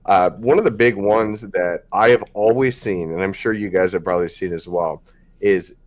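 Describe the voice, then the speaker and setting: A man's voice: low voice, normal speed. A man hosting a podcast, talking frankly in a loose, rambling way with many fillers. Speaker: podcast host. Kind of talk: casual podcast chat.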